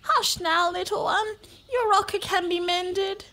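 Mama koala, very high pitch, whining, cooing, storybook reading. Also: female voice, lively intonation, moderate pace, bright, forceful tone, heavily acted. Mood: whiny. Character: fussy, whiny mama koala.

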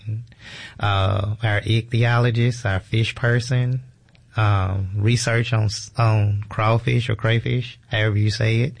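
Low, gravelly man explaining animals. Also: little pitch movement, measured pace. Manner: easygoing, explanatory, with fillers. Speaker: museum educator. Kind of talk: radio interview guest.

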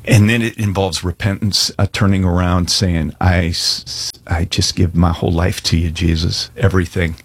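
Male pastor, low husky voice, dry close sound, earnest casual preaching. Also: steady tone, normal speed, hardly any pauses, no echo. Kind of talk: sermon with altar call.

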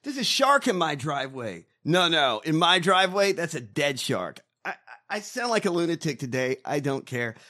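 Animated man ranting with heavy profanity. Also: on the high side, normal speed. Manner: loud, swearing, mock-outraged ranting. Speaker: podcast co-host. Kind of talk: profane comedic rant.

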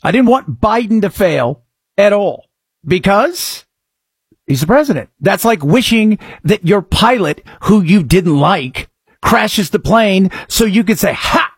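A middle-aged man hosting a talk show, speaking sarcastically and breaking into mock shouts. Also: high voice, husky, no room sound, clean studio sound. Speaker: radio talk show host. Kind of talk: sarcastic political talk commentary.

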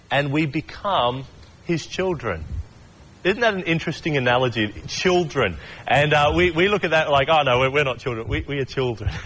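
A man's voice: medium pitch, a bit bright, slight background noise, rough recording. A young adult man preaching a casual sermon, chatty and storytelling, acting out voices as he goes. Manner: chatty, acts out voices in stories. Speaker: pastor.

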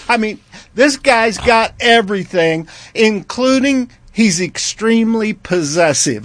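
A man's voice: high voice, a bit bright, no echo. A male talk show host presenting segments in a wry, teasing, amused way.

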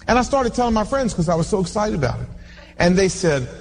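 Man, pastor, high lively voice, animated sermon storytelling, echoey hall, faint ambience. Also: quick pace, a little hiss or hum.

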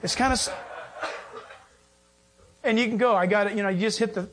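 A pastor preaching a sermon, animated, acting out quotes and joking with the congregation. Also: male voice, high-pitched, brisk, pauses often, a little hiss or hum. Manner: animated preaching, acts out quotes, jokes and laughs.

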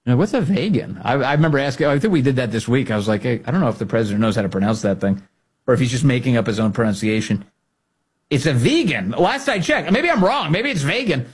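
A man hosting a political podcast, mocking and animated, often laughing at what he plays. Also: mid-range voice, fast, breathy edge. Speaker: podcast host. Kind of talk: political commentary.

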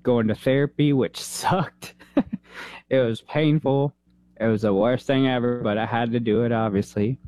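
A man in his thirties, a veteran, telling an emotional personal story in an interview, earnest and halting, holding back tears. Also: medium pitch, fairly even intonation, dark tone, no echo. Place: San Antonio, Texas.

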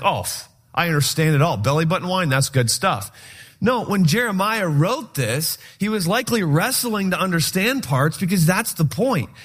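Animated joking man preaching a sermon. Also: high voice, husky. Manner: animated, joking storyteller who acts out his own reactions. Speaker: pastor.

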